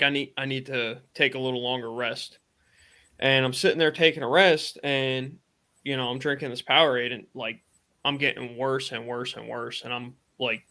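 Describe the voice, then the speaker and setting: A male podcast host on a live stream casually retells a personal story, rambling with lots of fillers and quoting his own thoughts. His medium-pitched voice sounds pushed and bright.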